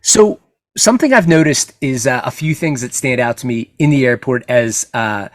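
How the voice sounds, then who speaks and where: Male panelist, middle pitch, dry sound, stumbling and wry. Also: lively intonation, no room sound. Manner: halting, bemused storytelling. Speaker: podcast panelist. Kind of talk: roundtable chat.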